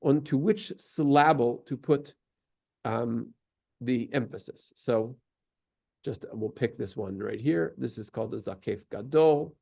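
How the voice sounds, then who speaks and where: Gravelly man teaching patiently. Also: mid-range voice, a little slow, a little mellow. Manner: patient, explanatory, sings short examples. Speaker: synagogue teacher. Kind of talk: explanatory lesson on Torah cantillation.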